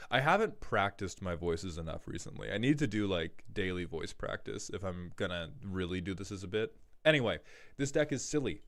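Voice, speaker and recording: A man casually joking his way through card game deck reviews, with quick self-deprecating asides. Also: fairly low pitch.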